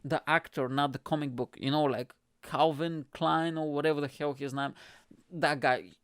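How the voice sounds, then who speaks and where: A man hosting his own show, talking in a casual, rambling and animated way, swearing and laughing often. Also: a little high, moderate pace, clean tone, no room sound, studio quality. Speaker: podcast host. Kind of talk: casual solo commentary.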